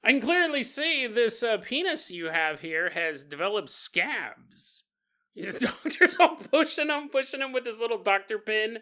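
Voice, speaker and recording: A man's voice: very high-pitched, big pitch swings, a little slow, sharp tone. A man hosting a podcast, telling a story in a comedic monologue, joking crudely and laughing often. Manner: crude humor. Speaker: podcast host.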